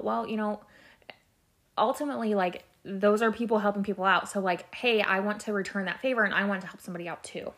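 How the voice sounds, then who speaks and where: A woman's voice: medium pitch, fairly even intonation, quick pace, a bit bright. A young adult woman, a nurse and podcast host, chatting casually on her own show in a rambling, candid way, full of fillers and the odd swear word. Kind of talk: casual solo podcast chat.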